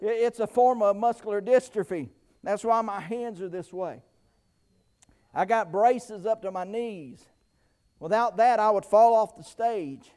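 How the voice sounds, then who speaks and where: A middle-aged preacher man with a very high voice. He preaches with bursts of shouting and many amens, stumbling over restarts. He pauses often, short of breath. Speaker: pastor. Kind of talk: sermon.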